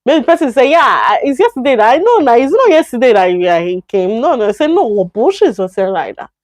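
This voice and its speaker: Her voice a little high and sing-song, a woman with a Nigerian accent gives an introductory Chinese lesson over a live stream. She says words slowly more than once and corrects herself. No room sound is audible.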